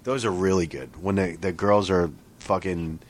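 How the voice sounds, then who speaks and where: A man's voice: low voice, fairly even intonation, normal speed. A man cohosting a casual podcast chat, swearing a lot and laughing while he tells stories. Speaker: podcast co-host.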